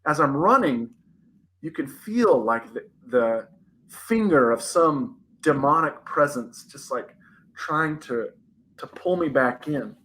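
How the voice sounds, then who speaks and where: A young man co-hosting a podcast, telling a personal spooky story in an animated, dramatic way with many "like" fillers. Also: mid-range voice, slow, a little hiss or hum, low-quality recording. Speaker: podcast co-host.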